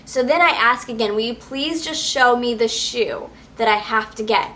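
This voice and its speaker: A woman's voice: a little high, moderate pace, a bit bright. A young woman vlogging, casually retelling a frustrating shopping trip and acting out the quotes with exasperation. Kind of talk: casual storytelling to camera.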